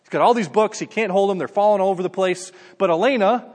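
A man with a high voice delivers a sermon in an easygoing way, addressing listeners as "guys" and peppering his talk with "like". His voice rings out with a long reverb, as in a large hall. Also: fast talker, a little mellow. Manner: conversational preaching, addresses listeners as "guys", often says "like". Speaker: pastor.

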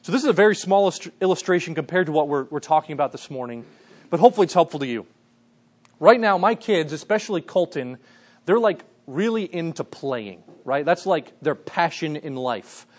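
Earnest man preaching, slightly high voice. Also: lively intonation, a little fast, darkish tone. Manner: earnest, conversational preaching with frequent "guys". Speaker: pastor. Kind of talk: sermon.

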